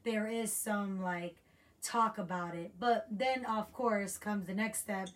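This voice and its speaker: A woman's voice: medium pitch, fairly even intonation, slow pace, fairly bright tone. A young woman from the United States, talking reflectively in a rambling casual chat. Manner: reflective, rambling, restarts often.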